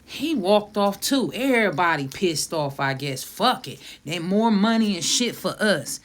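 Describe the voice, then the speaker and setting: A woman voicing her drunk, high male friend, who talks in a loose, shrugging, dismissive way. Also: sing-song, measured pace, fairly bright tone, exaggerated voice.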